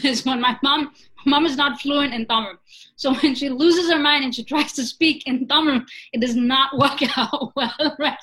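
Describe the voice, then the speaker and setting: A young woman with a bright, fairly high voice, chatting in a conversation. She tells a story with real energy and keeps checking in with her listener with "right?" and "you know?". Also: low-quality recording. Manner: animated, asks "right?" and "you know?" often.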